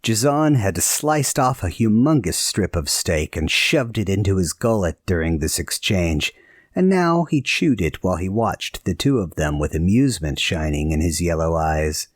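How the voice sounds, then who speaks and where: Low-voiced man reading a novel. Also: big pitch swings, normal speed, no room sound, studio quality. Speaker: narrator. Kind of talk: scripted audiobook narration.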